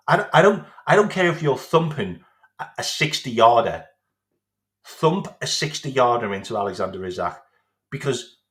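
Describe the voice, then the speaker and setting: A man's voice: medium pitch, fairly bright tone, reverberant. A man delivering a sarcastic, sweary football rant as a vlog host, repeating his points. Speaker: football fan vlogger. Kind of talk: ranting monologue.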